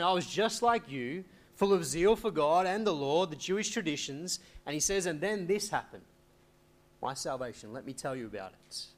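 A man preaching an expository sermon, reading scripture aloud and asking questions he then answers. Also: a little high. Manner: explains, asks rhetorical questions and answers them; reads scripture aloud in old wording. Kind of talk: expository Bible teaching.

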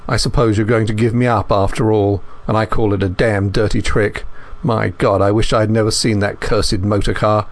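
A hungry, down-and-out man talks roughly and surlily, sliding into a beggar's whine, as a male narrator puts him on. It is a storybook character voice in a thriller reading. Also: fairly low pitch, little pitch movement, moderate pace, close to an everyday voice. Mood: surly. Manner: rough, surly, whining. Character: surly down-and-out man, hungry and whining. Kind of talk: audiobook character voice.

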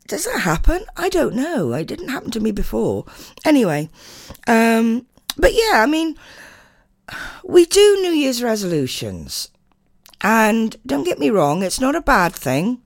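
An older woman hosting a radio show, chatting casually and reading listener messages, her voice a bit hoarse from a chest infection. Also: measured pace, dry recording, studio quality. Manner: chatty and animated, swooping pitch. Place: radio studio.

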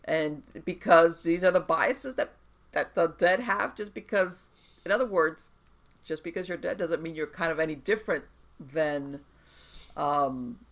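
A podcast host who talks about the paranormal with an emphatic, explanatory manner, stopping to restart and checking that the guest is following. The voice sits at a middle pitch, and the talk is a casual conversation. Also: a little slow, a bit bright.

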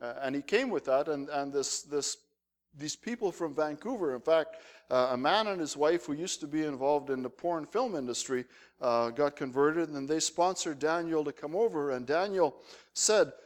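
A male pastor preaching to his congregation with a slightly raised pitch. He tells stories in an animated, humorous way and keeps the sermon conversational. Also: normal speed. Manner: animated anecdotal storytelling with humor.

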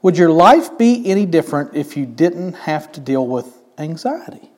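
A man preaching a sermon in a relaxed, wry tone, often asking his listeners questions. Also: fairly high pitch, normal speed. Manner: conversational, wry, asks the congregation questions. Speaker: pastor.

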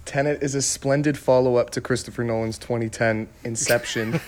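A young man talks on a podcast in a mid-pitched voice. He jokes deadpan, with plenty of ums along the way. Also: a little fast, slight background noise. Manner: deadpan joking, filler-heavy. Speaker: podcast co-host. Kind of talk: casual chat. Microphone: remote recording.

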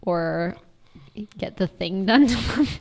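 A woman's voice: on the low side, expressive, slow pace, creaky, a little mellow. A woman co-hosting a true-crime podcast, chatting casually and laughing often as she tells the story. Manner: giggly, laughs often while telling a story. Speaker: podcast co-host.

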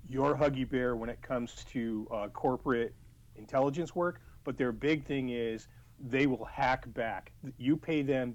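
A man's voice: mid-range voice, dull audio. A man on a podcast, telling an anecdote in casual chat with hesitant restarts. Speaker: podcast co-host.

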